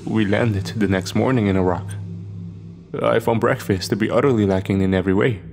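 Male horror narrator, gravelly and slightly low, dry sardonic read. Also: fairly even intonation, brisk, noisy background. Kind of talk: scripted first-person horror narration.

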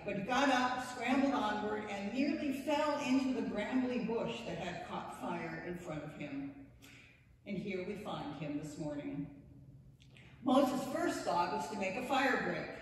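A woman pastor giving a sermon, telling a story with wry, playful asides. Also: medium pitch. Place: church sanctuary. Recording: echoey church hall, distant mic.

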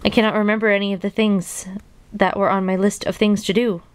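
A woman voicing a fretful, list-loving male toad from a storybook, crying out in anxious, high outbursts. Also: level tone, fairly quick, clean tone, lightly acted. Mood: glum.

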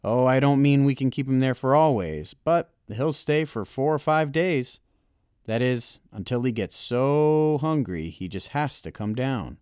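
A man voicing a kindly, proud old grandfather in an audiobook reading, talking in a booming, hearty, encouraging way. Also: animated, measured pace, darkish tone, clear, resonant tone, dry recording, clean studio sound, close to an everyday voice.

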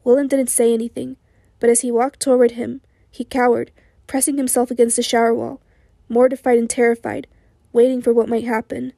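A woman with a hoarse voice reading an audiobook in a slow, steady, sombre way. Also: fairly high pitch, dry recording, studio quality. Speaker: audiobook narrator. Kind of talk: audiobook narration.

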